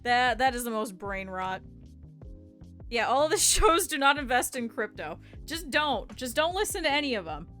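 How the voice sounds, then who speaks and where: A woman's voice: a little high, big pitch swings, moderate pace, sharp tone, faint music behind. A woman streamer chatting casually with her viewers while she sews, with laughing asides. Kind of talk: casual livestream chat while sewing.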